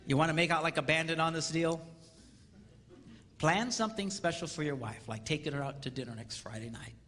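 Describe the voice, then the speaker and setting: A man giving a comedic marriage seminar on stage in a large hall, playful and animated, acting out little quotes and sound effects. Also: fairly high pitch, brisk, slight background noise. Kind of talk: comedic live seminar talk. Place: large hall with live audience.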